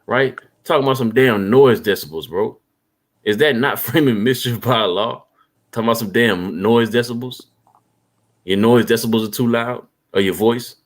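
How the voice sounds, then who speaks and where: A man preaching and reading scripture aloud, asking rhetorical questions and tagging his lines with "man.". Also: medium pitch. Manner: reads verses slowly, asks rhetorical questions, tags lines with "man". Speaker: street preacher.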